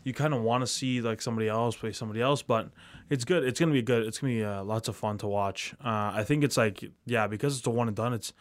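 A man's voice: mid-range voice, fast, dry recording. Young man chatting in a dry close recording. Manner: rambling, filler-heavy, with many restarts. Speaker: podcast co-host. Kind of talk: casual chat.

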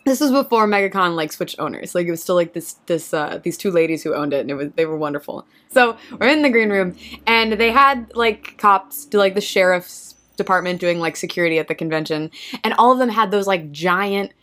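A woman telling a lively convention anecdote in casual chat, laughing often and acting out what people said. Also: on the low side, brisk. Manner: animated, laughs often, acts out quotes.

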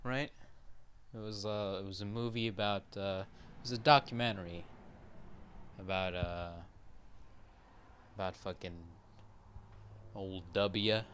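A man's voice: fairly low pitch, steady tone, a little slow, long pauses, a bit bright, slight background noise. A man hosting a podcast in a casual monologue, rambling with many fillers, casual swearing and repeated checks of "right?". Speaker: podcast host.

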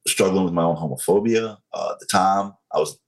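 A man in his forties from North Carolina with a Southern accent, telling his story as an interview guest in a slow, controlled, frank way. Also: sits low, poor audio.

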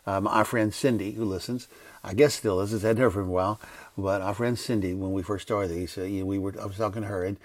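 A man's voice: fairly low pitch, fairly even intonation, fast talker. An older man, a pastor, talking off the cuff on a devotional podcast, rambling and correcting himself as he goes. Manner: rambling, self-correcting, conversational. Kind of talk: unscripted devotional podcast talk. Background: background noise.

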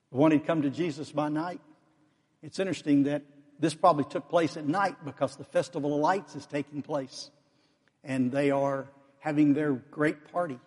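A man preaching an expository sermon, sometimes acting out the Pharisees' voices with rising pitch. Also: darkish tone, slightly rough. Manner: fillers and restarts, expository. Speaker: pastor. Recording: long hall reverb.

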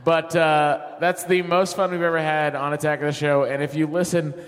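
A man with a fairly high voice shares jokey anecdotes with energy on a theater stage. His voice rings with a long hall reverb from the venue. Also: little pitch movement, normal speed. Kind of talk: live podcast chat on stage.

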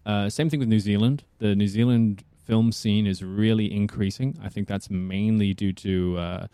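Young guy from south africa, lowish mellow voice, dry close sound, just chatting. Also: steady tone, moderate pace, clean tone, no room sound. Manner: rambling, thinks aloud. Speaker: actor, interview guest. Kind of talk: casual interview talk.

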